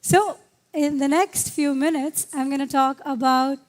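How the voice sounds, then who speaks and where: High-pitched hoarse woman presenting at a tech conference, brisk and direct. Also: fairly even intonation. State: hoarse, lost her voice. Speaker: conference speaker.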